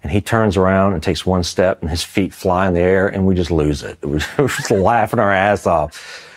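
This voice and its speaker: A middle-aged Army veteran with a low, deep voice, telling his combat story in an interview. He rambles casually, leans on fillers like "you know" and "like," and keeps his delivery loose and conversational. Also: moderate pace. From Mississippi, US.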